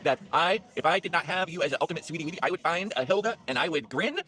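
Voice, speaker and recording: A man's voice: a little high, rapid-fire, bright, forceful tone. A man in his fifties putting on a hammy mixed Southern and Boston drawl as a goofy man, playing it for laughs.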